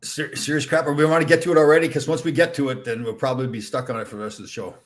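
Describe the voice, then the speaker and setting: Teasing podcast host, middle-pitched man. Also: steady tone, rapid-fire. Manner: teasing, laughs easily. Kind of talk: casual chat.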